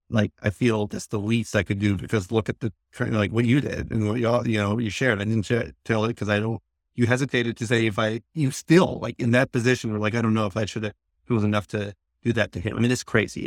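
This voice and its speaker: Guy with a lowish voice hosting a podcast, rambly, keeps restarting sentences, dry sound. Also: flat delivery, fast, no room sound. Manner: rambling, searching for words. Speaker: podcast host, oncologist. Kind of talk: casual conversation.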